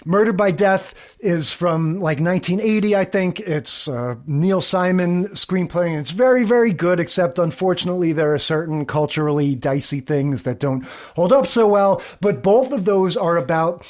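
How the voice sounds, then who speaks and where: Male podcast host in his forties, high voice, chatty, self-deprecating. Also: moderate pace, hardly any pauses, a little mellow. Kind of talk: casual podcast chat.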